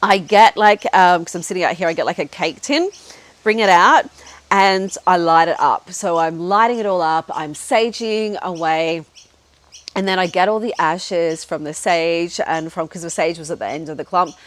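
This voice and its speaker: A woman's voice: fairly low pitch, moderate pace. A middle-aged woman hosting a podcast, telling a personal story in a chatty, frank way, full of "like" and "you know", now and then swearing. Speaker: podcast host.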